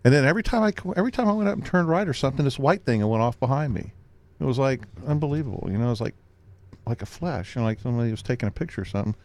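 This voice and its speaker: A man's voice: medium pitch, animated, very fast, darkish tone. A man from Florida with a Southern drawl, telling folksy, joking stories on a casual radio chat show. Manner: folksy, joking, rambling anecdotes.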